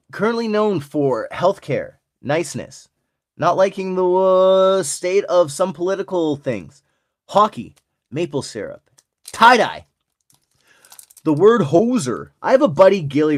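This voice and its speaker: A man in his forties from Alberta with an Albertan Canadian accent, hosting his channel and chatting jokily with viewers while opening card packs. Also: fairly high pitch. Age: 40s. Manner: jokey, chatty, addresses viewers.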